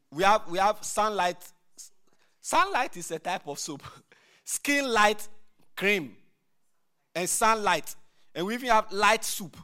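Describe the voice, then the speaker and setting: Emphatic male preacher, repeating himself. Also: high voice. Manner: repeats phrases, asks the audience "all right?"; builds from quiet prayer to loud emphatic preaching. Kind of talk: sermon.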